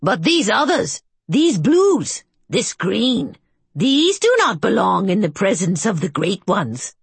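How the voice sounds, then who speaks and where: A woman voicing a timid old male tomb caretaker who talks in a squeaky, quavering, desperate way. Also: very animated, slow, creaky, breathy edge, dry recording, exaggerated voice.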